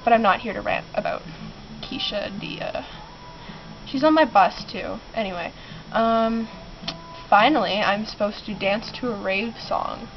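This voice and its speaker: Her pitch is medium and her pace moderate as the ill Canadian teen chats through an offhand vlog in her basement bedroom, giggling, rambling, clearing her throat and filling pauses with um. The lo-fi sound is muffled, and background noise is plainly heard.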